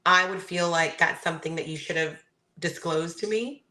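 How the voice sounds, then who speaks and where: A woman co-hosting a casual reality TV recap, giving her measured opinion and her own rules. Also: lowish voice, bright, forceful tone, rough recording. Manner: thoughtful, sets out her personal rules. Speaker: podcast co-host.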